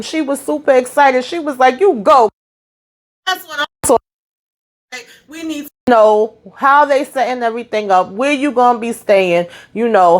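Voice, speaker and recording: A middle-aged woman casually recapping a TV episode for her viewers, acting out the characters' lines and talking straight to them. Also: mid-range voice. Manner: talks straight to viewers, "y'all", "boo", "child". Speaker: TV recap vlogger.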